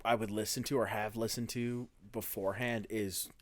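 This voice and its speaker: A man's voice: lowish voice, level tone, moderate pace, dry recording. A man co-hosting a comedy album review podcast, laid-back and swearing casually. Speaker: podcast co-host.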